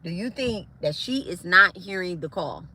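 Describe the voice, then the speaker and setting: Heated, bright-voiced woman ranting on a livestream. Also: fairly low pitch, lively intonation, normal speed, slight background noise. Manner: heated, confrontational, profane, repetitive. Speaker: spiritualist live streamer. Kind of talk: livestream rant to viewers.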